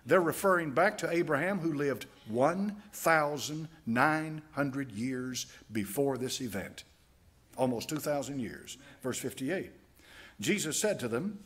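A man's voice: a little high, animated, a little slow, fairly bright tone, husky. A man preaching a Bible-teaching sermon as a pastor, reading scripture aloud in King James wording with emphatic delivery. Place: church sanctuary, Sunday school class.

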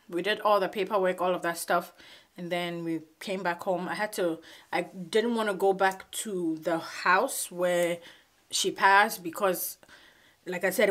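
A woman in her twenties telling a personal story in a vlog, halting and emotional, fighting back tears. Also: lowish voice, a bit bright. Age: 20s. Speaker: vlogger. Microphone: phone camera.

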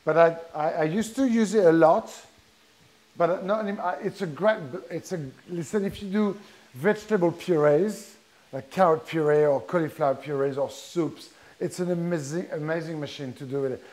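A little high yet darkish in tone, a middle-aged French chef chats through a live cooking demonstration for his audience. He explains methodically, one step at a time, with halting restarts along the way.

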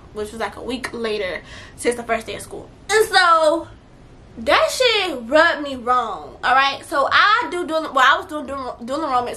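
A young adult woman telling a story on her vlog, blunt, profane and animated, her voice swinging louder at times. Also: fairly high pitch, a little hiss or hum. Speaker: vlogger.

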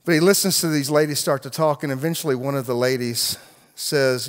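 A man's voice: medium pitch, fairly even intonation, fast talker. A man, a pastor, telling a story in a sermon, acting out the voices of the people in it, with frequent restarts. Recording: long reverb of a large hall.

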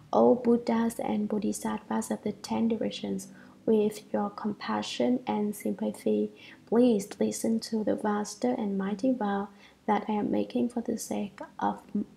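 A woman reads a Buddhist sutra commentary aloud, taking it at a measured, deliberate pace. Her voice is dark and mellow, with a steady gravelly fry running through it. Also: mid-range voice, poor audio.

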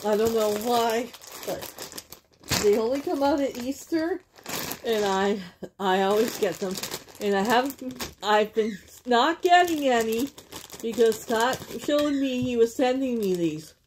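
Expressive and a little slow, this Canadian woman's slightly high, darkish voice gushes and laughs often through a casual unboxing chat of a gift package. Crinkling bags and slight background noise fill the clip.

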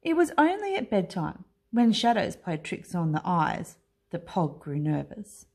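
A woman teacher reading a children's picture book aloud in an expressive, unhurried way. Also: lowish voice, creaky. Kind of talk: storybook read-aloud.

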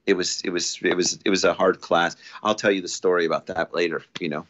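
A man talking as a podcast guest in a casual, rambling way, restarting often and getting animated when he quotes people. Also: low voice, fast talker. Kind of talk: casual storytelling. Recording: dull lo-fi audio.

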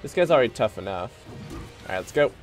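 A man streaming a video game, casually commenting and coaching himself through fights in excitable bursts and mutters. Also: fairly low pitch, fast talker, faint music behind.

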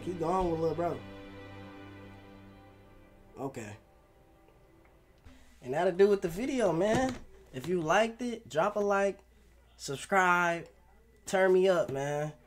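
A man hosting a basketball reaction video, excitable and full of slang, always asking if you know what he means. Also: high-pitched. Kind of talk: casual reaction commentary.

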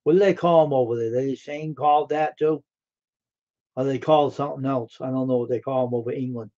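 A man's voice: mid-range voice, fairly even intonation, brisk, warm tone. Rambling man on a lo-fi live stream. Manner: rambling and friendly, full of fillers and repeats. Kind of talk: casual live stream chat with viewers. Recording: dull lo-fi stream audio.

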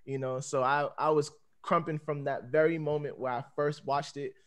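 A relaxed man in his thirties speaks in a voice pitched a little high for a man. His talk rambles loosely, full of fillers, and he laughs easily as he goes. He sounds like he is on a video call. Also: moderate pace. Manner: laid-back, rambling, peppered with "you know what I'm saying"; laughs often while talking. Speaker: dancer on a panel. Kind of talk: casual panel talk.

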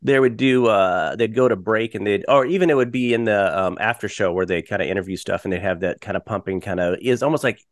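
A man's voice: lowish voice, fast talker, hardly any pauses, no room sound, clean studio sound. A man co-hosting a podcast, recapping a radio show in a rambling, chatty way. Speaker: podcast co-host. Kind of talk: casual recap chat.

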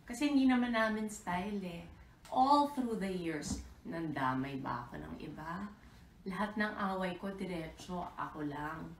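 A woman's voice: on the low side, reverberant, recorded from a distance, slight background noise. A middle-aged woman with a Filipino accent, switching languages mid-sentence as she talks straight and combatively on a live social media stream. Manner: code-switching, direct and confrontational. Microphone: phone.

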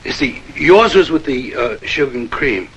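Guy doing a mixed-up defensive counter guy, hesitant, bouncy pitch. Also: lively intonation, moderate pace, slight background noise, close to an everyday voice, rough recording. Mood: muddled. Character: muddled touchy middle-aged counterman. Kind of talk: 1970s TV sitcom acting.

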